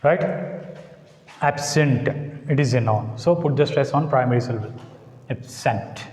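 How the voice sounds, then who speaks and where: A man with an Indian English accent teaching an English lesson, speaking slowly and deliberately and repeating words to model their stress. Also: medium pitch, a little mellow. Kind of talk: classroom lecture. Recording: echoey classroom, voice sometimes off-mic.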